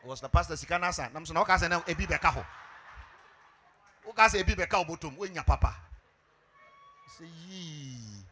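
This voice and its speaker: A middle-aged Ghanaian pastor preaching a sermon, telling a story with animated delivery and shouted emphasis. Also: male voice, on the high side, a little fast, pauses often, slight background noise.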